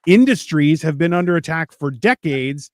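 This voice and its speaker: A man's voice: fairly high pitch, expressive, normal speed, no echo. A man on a podcast, ranting in a casual, profane way and mocking others in put-on voices. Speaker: podcast co-host.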